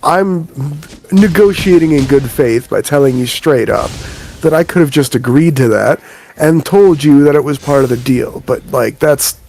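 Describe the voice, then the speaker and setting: A man's voice: fairly high pitch, moderate pace, darkish tone, natural voice. A man voicing a smug male mercenary businessman who talks blunt and breezy, with faint music behind. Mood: businesslike.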